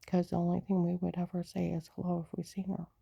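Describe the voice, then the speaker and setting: Woman, lowish and very dark-toned, rambling personal monologue with frequent whispered asides. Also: monotone, quick pace, creaky, breathy edge, no room sound. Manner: rambling, often slips into a hushed whisper. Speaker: storyteller recounting her own life.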